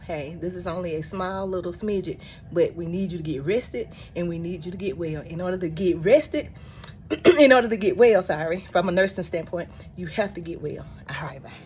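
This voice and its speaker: A woman's voice: lowish voice, slight background noise. A woman from South Carolina, a nurse recording a rambling, church-flavored get-well video greeting. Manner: warm-hearted, churchy, rambling encouragement.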